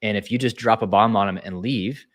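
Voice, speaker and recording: A man's voice: on the low side, brisk, fairly bright tone. A man speaking as a leadership speaker in a casual webinar, talking earnestly in a coaching way with frequent restarts.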